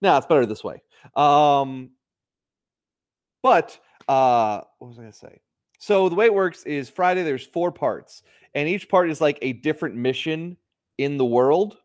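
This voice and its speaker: A man's voice: a little high, expressive, unhurried, dry recording, studio quality. A man co-hosting a casual chat over a video call, rambling through fillers and restarts. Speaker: podcast co-host.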